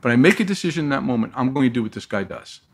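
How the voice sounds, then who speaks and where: A man telling a long personal story as a guest in an interview, lively and acting out the voices of the people he quotes. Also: medium pitch, very fast, husky.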